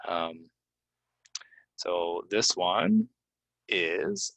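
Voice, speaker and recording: Male teacher, deep and bright, dry close sound, casual and filler-heavy. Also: no room sound, lo-fi sound. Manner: casual, explains with many fillers and repeats words slowly. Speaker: English pronunciation teacher. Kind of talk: relaxed video lesson. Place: Florida.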